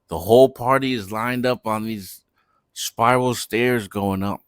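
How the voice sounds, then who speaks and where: A man's voice: fairly low pitch, fairly even intonation, unhurried, clean tone, no echo, studio quality. Laid-back young man telling a story. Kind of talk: casual storytime vlog.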